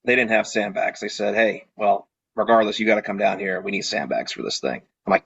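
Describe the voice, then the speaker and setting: A man's voice: on the low side, brisk, gravelly, few pauses, slightly rough, no room sound, lo-fi sound. A man who owns a party rental business, telling a casual story and acting out what he said back then. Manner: animated, acts out his own quoted lines. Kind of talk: casual storytelling on a video call.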